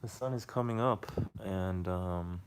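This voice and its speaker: A man's voice: deep voice, a little slow, clean tone. A young man chatting casually on a late-night livestream, rambling and full of fillers as he tells a story. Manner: loose, rambling, filler-heavy storytelling with laughs. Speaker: livestream host.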